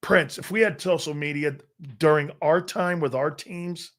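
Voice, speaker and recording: A man's voice: on the high side, measured pace. A middle-aged man hosting a sports talk show, telling boastful, profane stories in a casual chat and laughing often.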